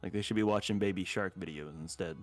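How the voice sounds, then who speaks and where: A man's voice: low voice, fast, no room sound, soft background music. A man, co-hosting a casual live stream with playful banter. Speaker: co-host.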